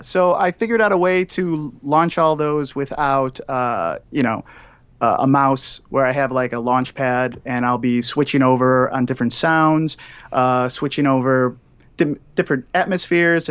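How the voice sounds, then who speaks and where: A man's voice: medium pitch, moderate pace, a bit bright, clear, resonant tone, no room sound. A man calling in as a guest for casual chat, rambling with many fillers. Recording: dull, dry call-in line.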